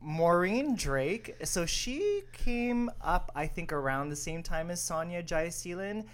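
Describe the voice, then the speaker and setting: A man in his late thirties from Canada, co-hosting a casual podcast chat, animated and quick to laugh. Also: sits high. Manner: animated, laughs often, mimics others playfully. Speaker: podcast co-host.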